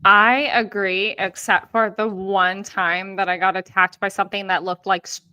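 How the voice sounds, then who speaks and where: A woman's voice: medium pitch, little pitch movement, moderate pace, sharp tone, clean tone, no room sound. A woman co-hosting a paranormal podcast, telling a story in casual chat and swearing freely. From Southern California. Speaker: podcast co-host.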